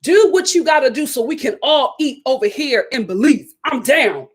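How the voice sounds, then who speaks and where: A sassy woman riffing on a reality show in a casual video review. Her high voice is emphatic and full of laughing asides. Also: animated, moderate pace, husky.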